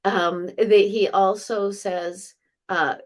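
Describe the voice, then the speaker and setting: A middle-aged woman, a psychic medium, chatting through a live reading for viewers and passing on messages with quick asides. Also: mid-range voice, fairly even intonation.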